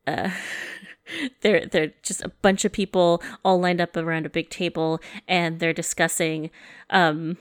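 A woman's voice: fairly low pitch, steady tone, unhurried, clear, resonant tone, no room sound, clean studio sound. A woman co-hosting a casual podcast chat, rambling with many hesitations and playful teasing. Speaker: podcast co-host.

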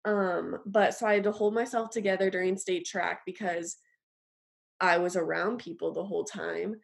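A young woman telling an earnest personal faith story in an interview, halting often with fillers. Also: fairly low pitch, steady tone, vocal fry. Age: young adult. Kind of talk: personal testimony.

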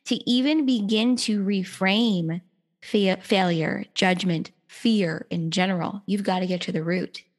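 A woman's voice: mid-range voice, steady tone, unhurried. A woman hosting a podcast, responding to her guest in a thoughtful, affirming way. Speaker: podcast host. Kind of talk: reflective conversation.

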